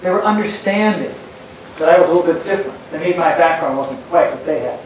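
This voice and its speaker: A high-voiced man delivers a motivational talk, stacking repeated phrases and rhetorical questions. He sounds far from the mic, in a hall that rings with heavy echo and a faint hiss. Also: expressive, fast talker. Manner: rhetorical questions, repetitive build-ups. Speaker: speaker. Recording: very echoey hall, distant mic, faint noise.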